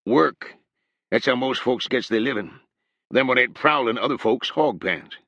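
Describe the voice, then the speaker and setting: A man voicing a stern older rural hog owner from who speaks in a slow, dry drawl. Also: mid-range voice, expressive, sharp tone, no room sound, lo-fi sound, pitched above the performer's own voice, full character voice. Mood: dry shrewd.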